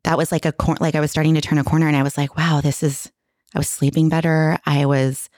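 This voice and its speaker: A woman's voice: sits low, little pitch movement, quick pace, darkish tone, no room sound. A middle-aged woman telling a candid personal story in casual conversation, emotional and full of restarts. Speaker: guest.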